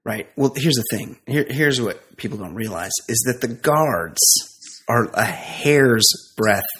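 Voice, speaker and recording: A man co-hosting a casual comedy podcast, trading jokes with his partner. He reads stories aloud with a chuckle and talks in quick, loose banter. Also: medium pitch, lively intonation, fairly bright tone. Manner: laughs while reading, quick banter. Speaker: podcast co-host.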